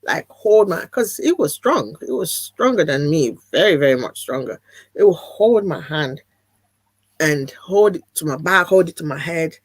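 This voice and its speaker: A woman's voice: deep voice, lively intonation, normal speed, husky, no room sound. A woman guest speaking in an earnest, emphatic way over a video call, often repeating phrases for weight. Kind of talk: candid video-call conversation.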